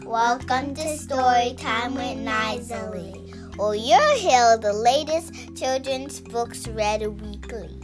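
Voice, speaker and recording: A young girl with a high voice reads a storytime show's welcome at a slow, deliberate pace. Music plays clearly behind her. She sounds careful as she opens the show. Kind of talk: reading a show intro.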